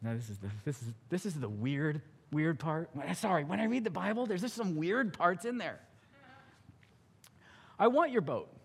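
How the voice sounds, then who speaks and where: A male pastor preaching a sermon, telling the story with animated acting-out of characters. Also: a little high, brisk, gravelly, hardly any pauses, husky, in a large hall.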